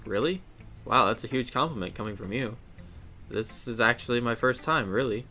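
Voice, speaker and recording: A man's voice: mid-range voice, normal speed, bright, forceful tone, natural voice. A man voicing a shy, nervous, bookish teenage girl who stammers and hesitates, in a video game.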